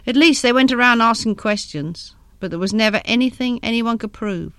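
A woman's voice: on the high side, normal speed, fairly bright tone, clear, resonant tone, dry recording, studio quality. A woman voicing an elderly male seedsman who talks in a folksy, knowing way.

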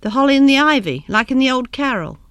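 A woman's voice: high voice, animated, quick pace, a bit bright, clear, resonant tone, dry recording, voice pushed up. A woman voicing an elderly male seedsman who talks in a folksy, knowing way.

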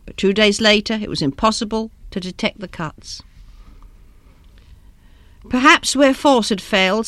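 A woman narrating a written story in a measured, even way. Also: mid-range voice, no room sound. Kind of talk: scripted story reading.

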